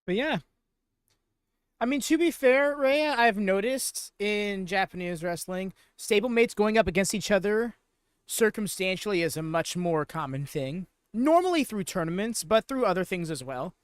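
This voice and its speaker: A man hosts a live reaction stream, chatting loosely and replying to viewers as he goes. His voice sits a little high and comes through smooth and clear. The sound is dry and close, with almost no room echo. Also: lively intonation, normal speed. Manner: chatty, reads and answers chat viewers by name. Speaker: watchalong host.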